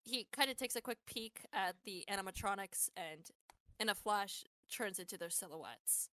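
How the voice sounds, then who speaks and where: A woman's voice: medium pitch, expressive, moderate pace, sharp tone, dry recording. Playful woman tabletop player. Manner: playful, describing her character's moves. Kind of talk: casual game chat.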